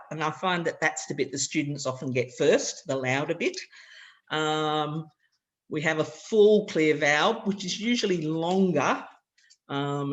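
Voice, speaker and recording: Australian man presenting a workshop, slightly high. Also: a bit bright. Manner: explanatory, loose and conversational, walking through examples. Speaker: workshop presenter for language teachers. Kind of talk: practical teacher-training workshop talk.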